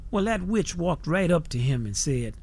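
High-voiced folksy male storyteller. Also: normal speed, slight background noise. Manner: folksy, animated, colloquial.

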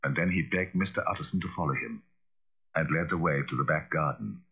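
A man reading a classic novel as scripted narration, in a dramatic, expressive manner. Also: very deep voice, brisk, husky. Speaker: audiobook narrator. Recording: dull lo-fi recording.

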